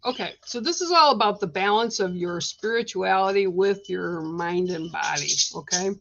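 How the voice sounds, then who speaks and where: A woman's voice: mid-range voice, moderate pace, vocal fry, fairly bright tone, no echo, dull audio. A woman giving psychic card readings on a livestream, speaking in a meandering way with many fillers.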